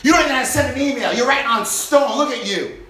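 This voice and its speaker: A man preaching a sermon to a responsive congregation, impassioned and swinging between loud exhortation and hushed intensity. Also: very high voice, fast, slight background noise. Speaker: pastor. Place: church sanctuary with congregation. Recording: roomy church reverb.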